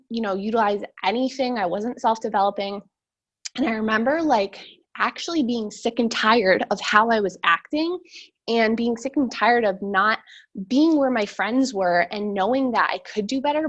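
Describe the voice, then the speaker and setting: A young woman with a fairly high voice gives a blunt, animated motivational talk over a video call. She rambles and circles back with plenty of fillers, then hits her points hard and straight. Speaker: sales team leader.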